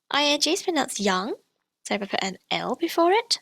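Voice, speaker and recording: A woman teaching pronunciation, explaining sounds clearly and repeating each example slowly. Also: on the high side, animated, sharp tone, no echo. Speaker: language teacher.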